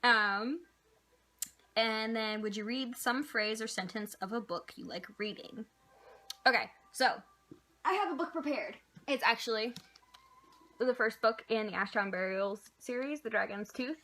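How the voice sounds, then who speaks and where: A woman's voice: fairly high pitch, unhurried, pushed and bright. A young woman vlogger answering viewer questions in a casual, rambling chat, with lots of "like" and "um" fillers. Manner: chatty, rambling, with many "like" and "um" fillers.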